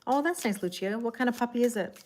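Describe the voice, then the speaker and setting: A woman's voice: fairly high pitch, fast, a little mellow. A woman giving a casual live tarot reading. She chats in a rambling way, greets viewers by name and often fills gaps with "like". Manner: heavy use of "like" and restarts. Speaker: tarot reader.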